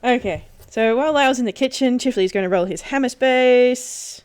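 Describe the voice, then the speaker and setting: A woman playing a tabletop role-playing game, narrating her character and rolling dice with an animated manner. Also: a little high, normal speed, a little hiss or hum. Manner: animated, laughing, self-correcting. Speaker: tabletop player.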